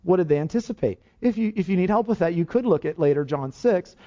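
Lively preacher man, lo-fi recording. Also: sits high, quick pace. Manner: emphatic preaching with rhetorical questions. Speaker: pastor. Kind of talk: sermon. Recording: dull, lo-fi sermon recording.

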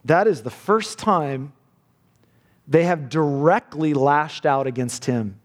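A man's voice: fairly high pitch, slow pace. Earnest preacher man in a reverberant hall. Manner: earnest, repeats words when building a point. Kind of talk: sermon.

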